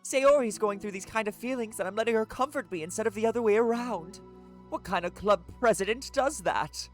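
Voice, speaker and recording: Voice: mid-range voice, fairly quick, soft background music, voice pushed up, close to an everyday voice. A streamer reading out the lines of a teenage girl who leads a club and is weighed down by guilt, in an earnest, self-reproaching voice. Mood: guilty. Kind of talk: reading visual novel dialogue aloud.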